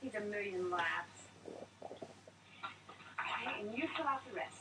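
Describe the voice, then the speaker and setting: An actress playing a flirty, chatty clinic receptionist in a film, with a perky, teasing manner. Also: female voice, mid-range voice, expressive, slow pace, bright, forceful tone, a little hiss or hum. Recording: distant film soundtrack audio.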